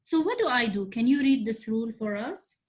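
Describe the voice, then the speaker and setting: A woman with a slightly high voice teaches an English grammar lesson over a video call. She moves patiently through the rules, spelling out letters one at a time and pausing to ask whether her students are following. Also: big pitch swings. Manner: slow, spelled-out explanations with frequent check-ins. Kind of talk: online class teaching.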